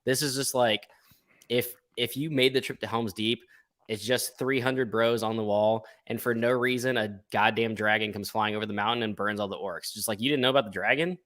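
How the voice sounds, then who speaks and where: A man chatting as a guest on a podcast, animated and casually profane, acting out little quotes as he talks. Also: fairly low pitch, normal speed. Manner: animated storyteller, swears casually, acts out quotes. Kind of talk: casual chat.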